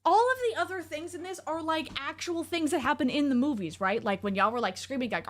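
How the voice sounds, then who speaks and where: An excitable woman streamer, chatting casually from home as she reacts to a game. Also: high-pitched, moderate pace. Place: home room.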